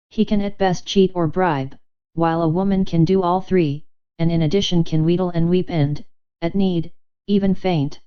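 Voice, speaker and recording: A woman narrating a novel in first person as an audiobook, in a measured, wry storytelling manner. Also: lowish voice, warm tone, smooth, highs cut off.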